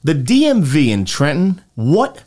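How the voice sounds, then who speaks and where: A man, co-hosting a podcast, telling an animated story and acting out other people's lines. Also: a little high, a little slow. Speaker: podcast co-host. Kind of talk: casual storytelling chat.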